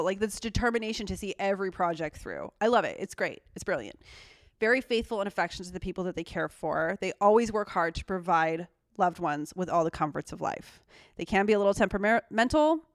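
A woman's voice: medium pitch, no room sound, studio quality. A woman co-hosting a podcast, reading horoscope traits aloud with blunt, sarcastic, swearing asides. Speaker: podcast co-host.

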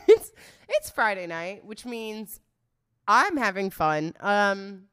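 A young woman hosting a casual livestream, loud and laughing, swearing often as she chats to her viewers. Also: mid-range voice, sing-song, takes it slowly, clean tone. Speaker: livestream host.

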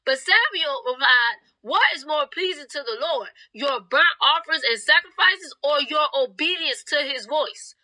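Bright, high-voiced young woman preaching. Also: animated, measured pace, hardly any pauses, low-quality recording. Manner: fervent, preachy, retells scripture in her own words. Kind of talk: sermon.

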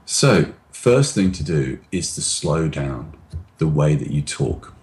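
Very deep-voiced man explaining calmly. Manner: demonstrative, acts out anxious voices and slows down on purpose. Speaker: guest expert. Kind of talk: explanatory interview talk.

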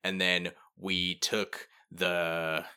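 A man's voice: sits low, completely flat delivery, extremely slow, pushed and bright, clean tone. A man co-hosting a podcast, telling a travel story in a laid-back, rambling casual chat full of fillers. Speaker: podcast co-host.

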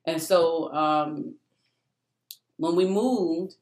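Speaking at a moderate pace in a deep voice, a woman shares her faith testimony as a casual, emphatic story. She's animated and keeps addressing the crowd as "y'all," with the room's echo audible around her.

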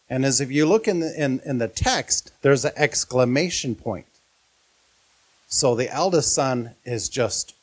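A man preaching a sermon as pastor, earnest and often putting questions to his listeners. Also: mid-range voice.

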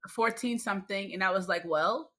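A woman's voice: mid-range voice, lively intonation, normal speed, sharp tone. A woman co-hosting a podcast, telling rambling, exasperated anecdotes in casual chat. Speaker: podcast co-host.

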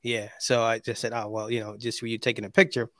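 A man's voice: lowish voice, flat delivery, fast, fairly bright tone, no room sound. A man hosts a casual live show over a video call. He rambles and leans on fillers as he talks. His voice sounds close and dry, with little room sound. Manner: loose, rambling, full of fillers. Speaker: podcast host.

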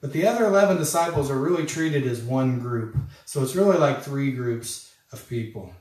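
A man's voice: medium pitch, lively intonation, moderate pace, darkish tone. Man, pastor preaching, conversational, very echoey room, mic set far off. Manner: conversational, earnest, addresses listeners as friends. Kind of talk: sermon.

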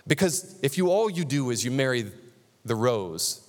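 A man's voice: mid-range voice, very animated, normal speed, in a large hall, lightly acted. A man voicing an older African man who gives solemn advice, in an imitated African accent with dramatic, weighty delivery. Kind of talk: sermon anecdote impression.

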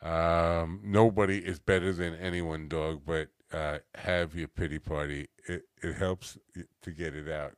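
A man's voice: sits low, steady tone, unhurried, hardly any pauses, clean tone, no echo, clean studio sound. A man hosting a casual chat show, rambling and self-mocking, easily distracted, coming down from a cannabis edible. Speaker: podcast host.

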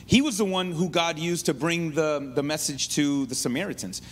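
A man's voice: fairly high pitch, moderate pace. A man preaching a sermon in a conversational teaching style, full of asides and restarts. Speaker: pastor.

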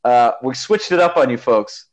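A man's voice: mid-range voice, animated, moderate pace. Chatty, laughing podcast host man. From American Midwest. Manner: chatty, laughs often, many fillers. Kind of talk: casual chat. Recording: slightly dull lo-fi sound.

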